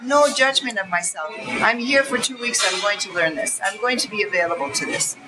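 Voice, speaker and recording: An older woman, a spiritual elder, telling stories in an earnest way, laughing often and quoting herself in lively voices. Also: mid-range voice, fairly quick, heavy background noise. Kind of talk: reflective storytelling. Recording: loud music behind the voice.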